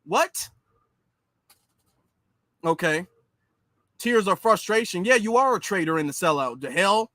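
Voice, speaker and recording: A man with a fairly high voice gives casual commentary in a sarcastic, mocking manner. He talks in an animated way, and the recording is dry and close with no room sound. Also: normal speed, no room sound.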